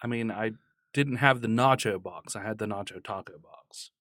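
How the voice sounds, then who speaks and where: A man co-hosts a podcast on a studio mic, speaking at normal speed in a fairly low, slightly bright voice with clean, echo-free sound. He's laid-back in the casual chat, laughing often and swearing offhandedly.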